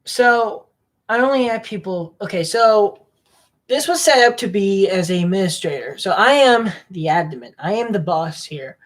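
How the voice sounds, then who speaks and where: Clicking around his computer for a vlog, a young man talks to himself at a moderate pace in a high, animated, fairly bright voice. He rambles, mumbles and grumbles over what he comes across in this screen-recording commentary.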